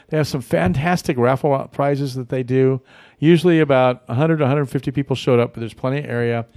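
A man's voice: mid-range voice, darkish tone, dry recording, studio quality. A man hosting a casual local radio talk show, rambling and friendly with many fillers and restarts. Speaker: radio host. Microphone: studio mic.

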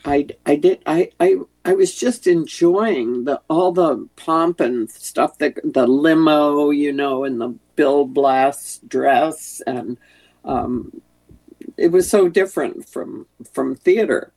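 A woman's voice: low voice, slow pace, darkish tone. An older woman, an actress, chatting as an interview guest, rambling with many restarts. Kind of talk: casual interview chat.

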